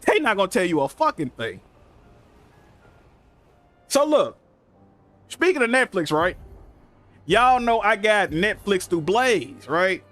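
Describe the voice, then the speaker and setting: Dude with a pretty high voice going off in a slangy, cussing rant, music playing under it. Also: male voice, takes it slowly, pauses often. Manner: animated, profane, slangy storytelling. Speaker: streamer. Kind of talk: casual rant on a gaming stream.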